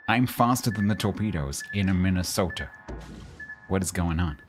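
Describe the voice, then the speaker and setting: Deep-voiced man streaming a game. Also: moderate pace, over music. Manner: chatty, reacting aloud to the game with sudden excited exclamations. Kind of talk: live gameplay commentary.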